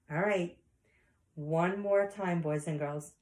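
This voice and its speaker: A woman's voice: lowish voice, big pitch swings, measured pace, a little mellow, reverberant. A woman teacher leading an online lesson for young children, in a sing-song voice that acts out animal sounds. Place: home.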